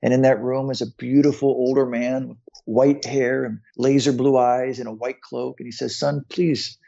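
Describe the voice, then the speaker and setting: A man's voice: mid-range voice, level tone, normal speed, vocal fry, warm tone, lo-fi sound. A man in his fifties, a podcast guest, earnestly telling his own story and often repeating words as he goes. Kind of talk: personal storytelling in conversation.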